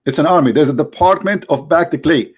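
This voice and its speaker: A man from the Middle East with an Arabic accent, hosting a live stream in a mocking, theatrical monologue that jumps between high exclamations and low asides. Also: a little fast, breathy edge. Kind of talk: sarcastic monologue.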